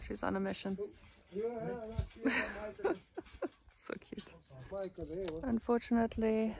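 A woman's voice: medium pitch, creaky. A young woman vlogging outdoors at a rural property, chatty and laughing often as she calls out to her dog. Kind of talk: casual vlog narration while filming. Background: dogs barking.

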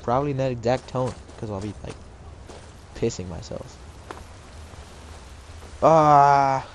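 A man giving casual gameplay commentary, excitable and profane, breaking into shouted outbursts and goofy sing-song. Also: mid-range voice, a little fast, background noise.

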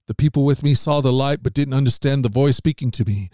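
A man reading Bible passages aloud as a podcast host, in a measured, steady manner that lifts slightly on quoted speech. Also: mid-range voice, no room sound, studio quality.

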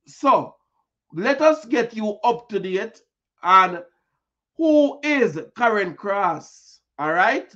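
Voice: mid-range voice, a bit bright, muffled recording. A host with a Jamaican accent giving chatty news commentary, repeating words and leaning on fillers. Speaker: online news show host.

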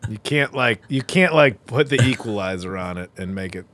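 A man's voice: on the low side, animated, moderate pace, fairly bright tone. A man co-hosting a comedy podcast, ranting in an incredulous, profane way during casual banter. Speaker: comedian co-host.

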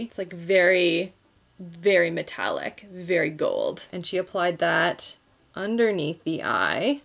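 A bubbly young woman talks her way through a makeup try-on in a relaxed, chatty way, her voice sitting at a middle pitch. She thinks out loud, fills gaps with small asides, and sounds close to the camera in a room at home. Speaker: beauty YouTuber. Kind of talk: casual makeup tutorial chat. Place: home filming setup, indoors.

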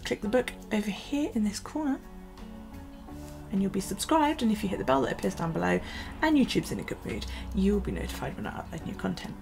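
Gravelly, tired woman vlogger. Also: medium pitch, very animated, fairly quick, music in the background. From United Kingdom. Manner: rambling, hesitant with many ums and restarts. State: tired, yawning. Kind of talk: casual chat over a journaling video.

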